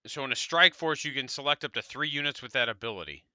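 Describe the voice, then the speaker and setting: A man's voice: mid-range voice, lively intonation, quick pace, sharp tone, no room sound. A man with an American accent, co-hosting a podcast and chatting casually in a rambling, laid-back way, swearing now and then. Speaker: podcast co-host. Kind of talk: casual tabletop wargame discussion.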